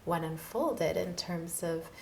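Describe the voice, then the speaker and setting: A woman's voice: on the low side, slow, vocal fry, darkish tone. A woman interviewing a guest and summing up her story supportively, often murmuring agreement. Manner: supportive, frequent affirmations. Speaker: interviewer, life coach. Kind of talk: interview conversation.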